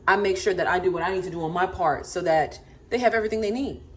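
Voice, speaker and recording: A woman's voice: fairly low pitch, fast talker. A woman in her thirties, a mother of four, ranting to camera in an emphatic, sassy way and repeating herself for stress.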